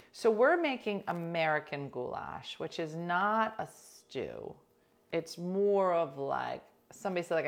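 Chatty woman hosting a livestream. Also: low voice. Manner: chatty and playful, often trails into soft asides. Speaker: livestream host. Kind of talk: casual chat with live viewers.

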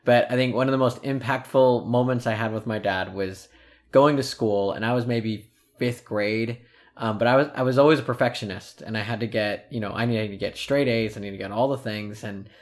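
A man's voice: mid-range voice, a little fast. A man in his thirties co-hosting a podcast, telling a personal story earnestly with many restarts. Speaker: podcast co-host. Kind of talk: casual storytelling chat.

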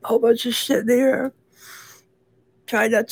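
A woman caller, hoarse and losing her voice, talking in a complaining way. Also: fairly high pitch, steady tone, a little slow.

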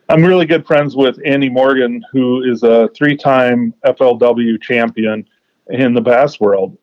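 A man's voice: mid-range voice, no echo. Storytelling man on a dull podcast line. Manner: storytelling, animated in quoted dialogue. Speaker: fishing podcast host. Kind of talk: casual podcast chat. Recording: dull dry podcast audio.

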